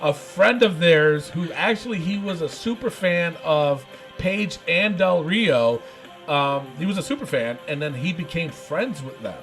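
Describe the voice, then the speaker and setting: A man hosting a casual podcast, excitable and laughing often, repeating himself as he talks. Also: fairly high pitch, a little slow, faint music behind, low-quality recording. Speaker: podcast host.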